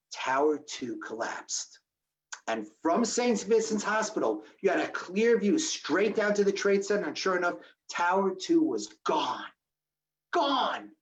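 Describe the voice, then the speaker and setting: A man telling a survival story to an audience, acting out the dialogue with sudden jumps in his voice. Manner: animated, acts out quoted dialogue with sharp pitch jumps. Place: audience hall. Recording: dull lo-fi recording.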